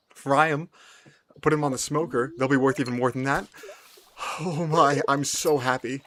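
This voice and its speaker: A young man, excitedly commenting on his gameplay, repeating himself and laughing often. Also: mid-range voice. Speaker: streamer.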